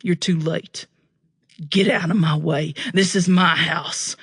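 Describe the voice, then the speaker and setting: A protective young man with a laconic drawl, voiced by a woman narrator. He is gentle and steady, set a bit low. The audiobook sound is dry and close. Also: takes it slowly, husky, no echo, full character voice. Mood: calm.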